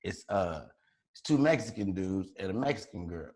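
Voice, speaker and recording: A man's voice: low-pitched, lively intonation, moderate pace, a little mellow. A man from Chicago telling a wild story on a podcast in a loose, profane, slangy way, laughing as he goes. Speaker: podcast co-host. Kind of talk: casual storytelling.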